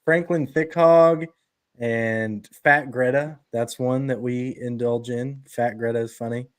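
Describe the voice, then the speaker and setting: A man at an ordinary middle pitch chats on a podcast in an easygoing, joking way. His voice is recorded close and dry, with no room sound. He often turns to speak directly to the listeners. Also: steady tone, measured pace, no echo. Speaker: podcast host and window cleaner. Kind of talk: casual podcast chat.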